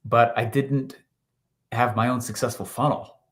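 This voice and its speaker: A man in his thirties, a podcast guest telling a story in lively fashion, laughing often and acting out what people said. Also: mid-range voice, unhurried. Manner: animated, laughs often, acts out quotes. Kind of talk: storytelling interview answer.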